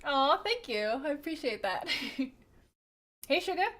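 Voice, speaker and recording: A woman's voice: high voice, big pitch swings, measured pace, fairly bright tone. A woman livestreamer chatting casually and greeting her viewers by name, giggling often.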